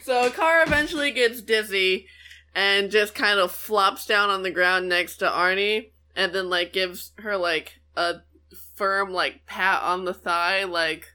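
A woman playing a tabletop game, giggly and animated as she describes her character's actions. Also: mid-range voice, unhurried. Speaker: player. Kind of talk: casual chat, tabletop role-play.

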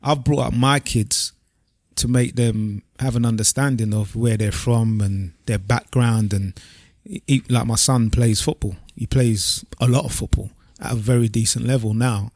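A man talks casually on a podcast, slow to make his point and sprinkling in slang. His voice sits low, gravelly and a little husky. The sound is dry and close. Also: no room sound. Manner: relaxed and reflective, with slang like "bruv". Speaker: podcast co-host. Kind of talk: casual chat.

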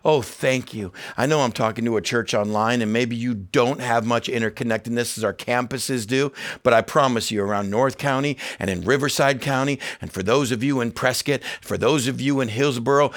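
A middle-aged man preaching a sermon as pastor, earnest and emphatic, repeating key phrases and dropping in casual asides. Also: mid-range voice.

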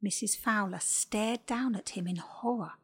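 A woman reading a scripted children's animal story slowly and gently. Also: mid-range voice, breathy edge.

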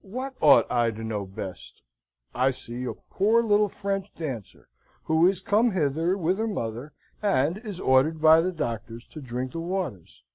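A man voicing an earnest, hot-tempered young gentleman in an audiobook, protesting indignantly. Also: fairly high pitch, sing-song, unhurried, no room sound, voice pushed up, rough recording.

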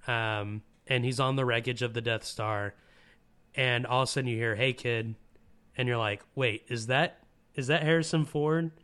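Smooth-voiced man, emotional casual chat. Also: mid-range voice, a bit bright. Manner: enthusiastic, emotional, many fillers and restarts. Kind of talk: casual film discussion.

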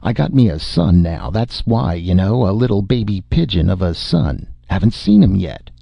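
Casting: a man playing a giddy, slurring drunk spacer, raised pitch, gravelly and husky. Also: very animated, normal speed, no echo, heavily acted. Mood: sentimental. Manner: loud, rambling, giddy. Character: drunk, boisterous male spacer just back to Earth.

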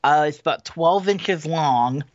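A man co-hosting a podcast, answering briefly and then reading out a news item in a slow, hesitant way. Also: fairly high pitch, no echo. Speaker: podcast co-host. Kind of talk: casual chat. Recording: dull lo-fi sound.

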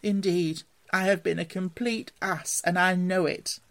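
A man's voice: a little high, big pitch swings, slow, a bit bright, heavily acted. A man doing an eager young mole. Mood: contrite. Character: eager young male mole, earnest and excitable.

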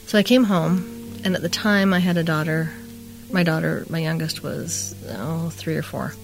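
A woman's voice: low voice, fairly even intonation, normal speed, creaky, over music. A middle-aged woman casually telling a long personal story on a chat show, rambling and acting out what people said. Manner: rambling, chatty, re-enacts quoted dialogue. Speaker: podcast co-host telling a story.

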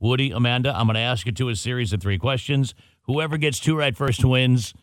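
A man's voice: medium pitch, brisk, no room sound, studio quality. Joking man hosting a radio show. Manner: joking, teasing. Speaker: morning radio host. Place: radio studio.

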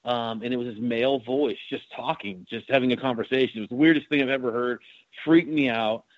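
A man with a mid-range voice talks a little fast about his work as a paranormal investigator. It's a casual interview, and his account rambles with lots of fillers and restarts. The recording is dry and slightly muffled, with no room sound.

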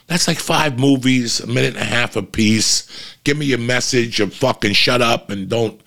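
A man with a mid-range, slightly bright voice and some vocal fry tells a story as an exasperated, profane rant. He swears constantly and acts out what he and others said, making it a ranting monologue full of quoted asides.

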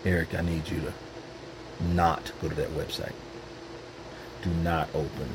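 God as a soft, low, patient father, as a man puts him on. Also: little pitch movement, measured pace, noisy background. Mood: gently firm. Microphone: own microphone.

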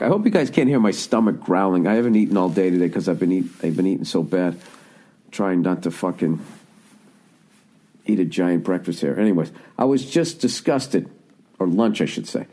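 Low, mellow-voiced man ranting profanely. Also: moderate pace. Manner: profane, animated, riffs and corrects himself. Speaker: podcast host. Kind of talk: rambling comedic monologue.

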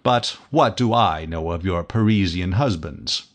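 A man reading the part of a suave, cunning nobleman in an audiobook, courteous and quietly probing. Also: deep voice, measured pace, voice pushed down.

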